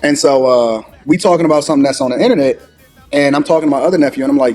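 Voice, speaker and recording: A man in his forties telling a story in an animated way, loudly acting out what people said. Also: on the high side, faint music behind. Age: 40s. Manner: rapid, acts out quoted dialogue loudly. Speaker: podcast storyteller.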